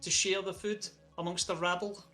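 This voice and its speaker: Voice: mid-range voice, little pitch movement, normal speed, pushed and bright, soft background music, natural voice. GM playing a stiff, condescending guard. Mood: disdainful. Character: stern loyal guard of the leader, Samson.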